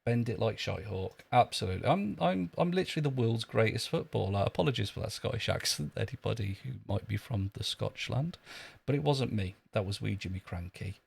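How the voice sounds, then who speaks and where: Gravelly sardonic streamer man. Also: lowish voice, animated, fairly quick. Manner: dry, sardonic, joking. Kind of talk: casual live-stream chat. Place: outdoors in a long queue.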